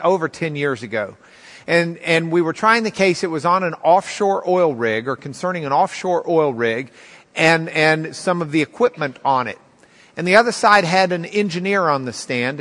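A man in his fifties gives a Bible class to a live audience, his fairly high voice bright and clear. He talks in a loose, conversational way, full of ums and restarts. A long reverb from the large room trails after each phrase. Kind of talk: storytelling lecture.

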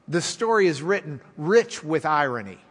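A man's voice: on the high side, very animated, moderate pace, fairly bright tone, slightly rough, big-room sound. A male preacher retelling a story in a folksy, wry, conversational sermon.

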